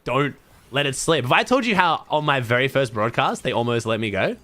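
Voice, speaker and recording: Fast-talking Australian caster. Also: male voice, medium pitch. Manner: quick, animated, swears freely. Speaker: esports caster, host. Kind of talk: casual casting chat.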